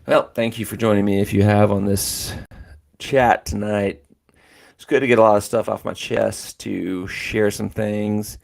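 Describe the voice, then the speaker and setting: A man's voice: on the low side, steady tone, unhurried, gravelly, darkish tone. A man hosting a casual livestream chat, talking in a rambling, filler-heavy way. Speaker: host.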